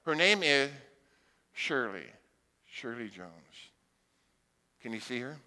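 With a medium-pitched voice taken slowly and trailed by long reverb, a blind man preaches, livening the sermon with humorous stories and acted-out voices.

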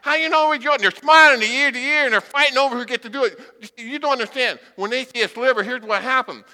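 A man's voice: very high-pitched, brisk, long reverb tail. A blind man preaching a sermon, telling humorous stories and acting out voices. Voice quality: blind speaker. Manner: humorous, animated storytelling with acted-out voices. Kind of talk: sermon with storytelling.

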